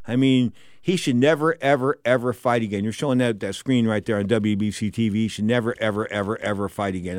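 A man's voice: medium pitch, no echo, clean studio sound. An older man hosting a boxing talk show, giving casual commentary in a rambling, digressive way full of wisecracks.

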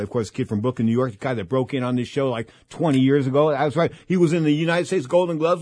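An older man hosting a boxing radio show talks quickly and loosely, rambling through anecdotes and looping back to his catchphrases. His voice sits at a middle pitch, recorded close and dry with almost no room sound. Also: no echo. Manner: rambling storyteller, repeats catchphrases. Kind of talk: casual talk radio monologue.

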